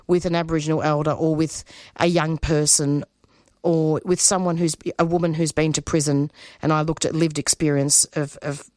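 A woman, a community radio producer speaking as an interview guest, earnest and emotional, halting and restarting her sentences. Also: low-pitched, flat delivery, darkish tone, no echo, clean studio sound. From Australia. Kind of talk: interview guest, spontaneous talk.

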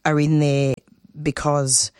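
A woman's voice: deep voice, flat delivery, slow pace, darkish tone, smooth, dry recording, clean studio sound. A woman giving a passionate radio interview as a guest, talking in bursts and restarting her sentences. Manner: impassioned, speaks in bursts with restarts.

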